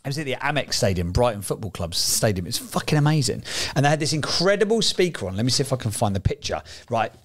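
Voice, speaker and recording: A man's voice: mid-range voice, very animated, fast. A man from England co-hosting a podcast, chatting casually in a rambling, sweary way. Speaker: podcast co-host. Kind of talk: casual chat.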